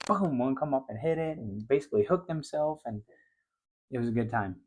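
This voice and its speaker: Animated man telling a fishing story. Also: fairly quick, slightly rough. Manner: animated, gets loud and high when excited. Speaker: fishing show host. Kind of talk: casual storytelling.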